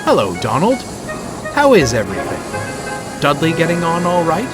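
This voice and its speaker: A man's voice: fairly high pitch, huge pitch swings, moderate pace, loud music behind the voice, pitched above the performer's own voice. A man doing a stern proper steam engine. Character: proud stern male tender engine.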